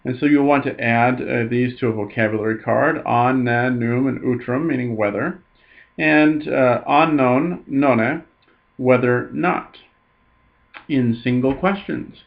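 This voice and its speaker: A man teaching a recorded Latin lesson, patiently reading each phrase slowly and then explaining it. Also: mid-range voice, vocal fry, lo-fi sound.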